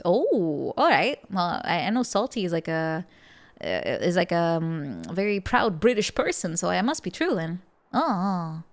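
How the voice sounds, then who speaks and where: Giggly woman streamer chatting. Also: medium pitch. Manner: giggly, laughs often between remarks. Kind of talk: casual chat with live viewers.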